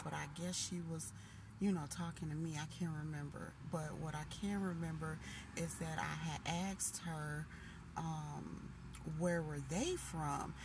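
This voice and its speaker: A woman in her late thirties telling a long dream story in a casual, animated way, full of restarts. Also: low-pitched. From Minnesota. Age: 30s. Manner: animated, emotional retelling with restarts. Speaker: vlogger. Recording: noisy background hiss.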